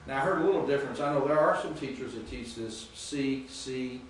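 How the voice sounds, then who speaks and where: A male professor giving a classroom lecture, patiently spelling out Greek sounds and repeating words slowly. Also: mid-range voice. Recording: echoey classroom from far off with faint noise.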